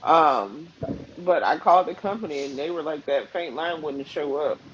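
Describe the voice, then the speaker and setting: Young woman, casual live stream panelist, expressive storyteller with a swinging pitch. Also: moderate pace, dull audio, noisy background. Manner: animated storyteller who acts out quoted voices. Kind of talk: casual chat. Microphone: video call.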